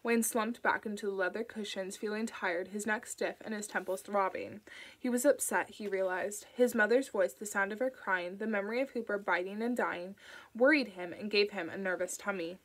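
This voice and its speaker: A woman narrating an audiobook in a calm, even storytelling manner. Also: mid-range voice, moderate pace, rough recording. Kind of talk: audiobook reading.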